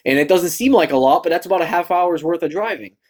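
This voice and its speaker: A man's voice: a little high, quick pace. A young man from Massachusetts telling a story in a casual rant, rambling with lots of fillers and restarts, acting out what people said. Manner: animated, acts out quoted lines. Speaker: vlogger.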